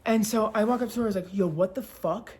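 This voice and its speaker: A young woman in her twenties telling a story to her camera at home, animated and cursing, with many "like"s. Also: mid-range voice, quick pace. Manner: animated, swearing, heavy use of "like". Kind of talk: casual storytime vlog.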